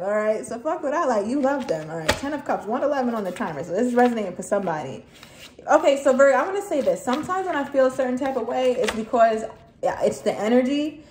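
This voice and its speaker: A woman's voice: mid-range voice, a little mellow. A woman giving a casual tarot reading straight to the viewer, blunt and swearing freely as she talks. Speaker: tarot reader. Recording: echoey room with faint noise.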